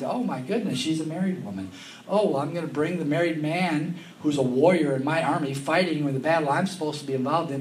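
A male pastor preaches with lively, rising emphasis, his voice sitting somewhat high. He reads scripture with dramatic stress, then drops into a casual, conversational explanation. A faint hiss sits under the recording. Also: echoey room, recorded from a distance. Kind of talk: sermon.

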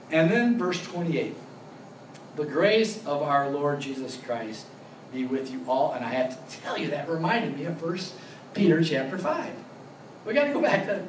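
A pastor talking through a Bible passage in a chatty way, laughing often and reading verses slowly. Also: male voice, fairly high pitch, a little hiss or hum. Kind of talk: Bible study teaching. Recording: roomy and distant with faint ambience.

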